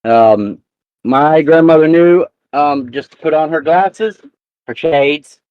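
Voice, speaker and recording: A man's voice: on the high side, takes it slowly, clear, resonant tone, dry recording, phone-quality sound. A man hosting a live talk show, telling a profane family story in casual chat.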